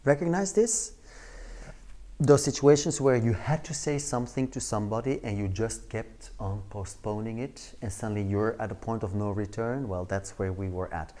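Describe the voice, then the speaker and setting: A man giving a training lecture, telling an everyday story in an animated way and acting out the scenes. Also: fairly low pitch, moderate pace.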